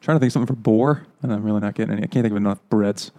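A man's voice: lowish voice, very fast, dark tone. Laughing, casual man on a podcast. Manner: laughs often, trails off mid-sentence. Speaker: podcast co-host. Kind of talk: casual chat.

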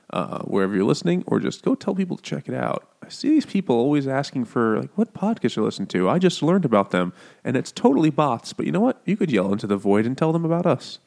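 A man's voice: mid-range voice, creaky, a little mellow. Man, podcast co-host, casual, profane, laughing, video call. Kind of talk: casual joking book chat.

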